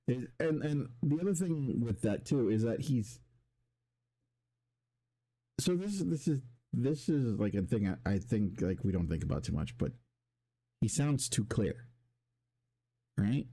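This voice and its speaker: Brief: male streamer, low mellow voice, rambling rant full of restarts and swearing. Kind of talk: casual rant to stream chat.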